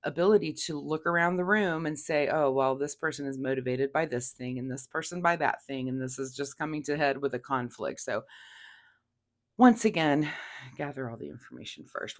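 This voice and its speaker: A woman giving a casual weekly tarot reading, chatty, laughing often and talking through fillers and restarts. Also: sits low. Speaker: tarot reader.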